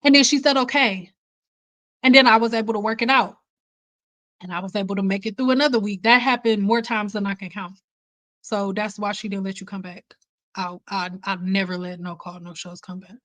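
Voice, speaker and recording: A woman's voice: mid-range voice, steady tone, a little fast, fairly bright tone. A woman hair stylist hosting a livestream, telling candid stories in a casual, emphatic way. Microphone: computer mic on a livestream.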